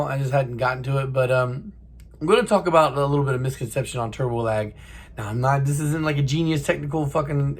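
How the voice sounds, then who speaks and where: A young man hosting his own channel, chatting casually and profanely to the camera like he's talking to a buddy. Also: medium pitch. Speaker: car channel host.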